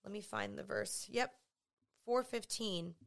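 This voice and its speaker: A woman speaking in a casual devotional talk, earnest and conversational. She draws listeners in with vivid storytelling. Her voice sits at a middle pitch. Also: a little slow, creaky. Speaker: Christian speaker.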